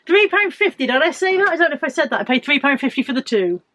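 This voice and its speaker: A British woman in her fifties talks through her bargains in a casual, chatty way. She keeps teasing herself as she goes, in a voice that sits a little high for a woman. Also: pushed and bright. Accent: British English. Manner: chatty, self-mocking humour. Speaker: reseller vlogger. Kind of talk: casual chat.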